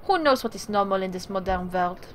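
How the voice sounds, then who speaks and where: A woman's voice: medium pitch, lively intonation, a little fast, slight background noise, rough recording. A woman reading a text game aloud with casual, self-deprecating asides.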